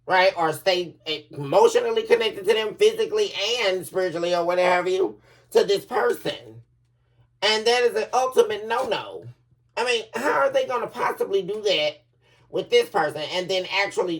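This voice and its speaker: A woman's voice: medium pitch, distant mic. A woman giving a collective tarot reading, chatty and emphatic, laughing often and calling her viewers baby. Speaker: tarot reader.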